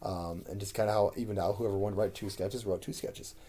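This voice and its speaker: A man's voice: on the low side, fairly even intonation, quick pace, warm tone. A man casually recalling his sketch comedy shows, meandering and full of ums and uhs. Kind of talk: casual rambling recollection.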